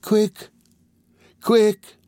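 A man's voice: sits high, takes it slowly, warm tone, no echo, voice pushed up. A deaf hunchbacked bell-ringer, as a male narrator puts him on, pleading and sorrowful in a strained, raised voice. The recording is close and dry. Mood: urgent. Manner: urgent, pleading.

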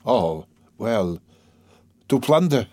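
A man reading an audiobook, voicing a brooding young man who talks in a weary, low, muttering way. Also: big pitch swings, drawn-out words, darkish tone, dry recording, full character voice. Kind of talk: audiobook character voice.

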